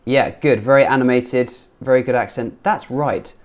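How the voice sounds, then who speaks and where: A man with an English accent reacts to learners' clips like a friendly coach. He is playful and picky, and he slows right down to repeat each tricky word. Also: mid-range voice. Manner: playful, picky, repeats words slowly to model pronunciation. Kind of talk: casual teaching commentary.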